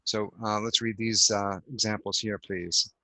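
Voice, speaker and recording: A man's voice: lowish voice, level tone, measured pace, sharp tone, dry recording, rough recording. A man teaching an English grammar lesson over a video call, explaining patiently step by step with lots of fillers. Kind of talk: online language lesson.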